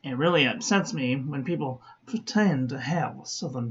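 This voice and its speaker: A woman calmly reviewing fountain pen ink in a chatty vlog, often correcting herself as she talks to her viewers. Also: deep voice, slow pace, long pauses, husky, muffled recording. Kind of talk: unhurried product review.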